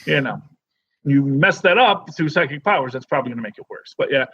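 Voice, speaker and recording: A man co-hosting a podcast in casual chat, rambling and animated with many restarts. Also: mid-range voice, brisk, vocal fry, lo-fi sound, slight background noise. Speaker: podcast co-host.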